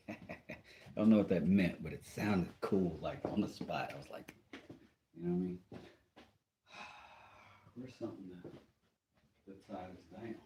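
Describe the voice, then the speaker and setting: A man's voice: sits low, takes it slowly, long pauses, mellow, a little hiss or hum. A man chatting casually on a livestream as he does woodworking, joking and greeting viewers. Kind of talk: casual livestream chat while working. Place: workshop.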